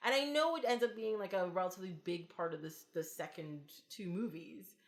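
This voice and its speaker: A woman's voice: mid-range voice, brisk, reverberant. A woman hosting a podcast, chatting casually about films and asking lots of questions, with frequent filler words. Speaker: podcast host.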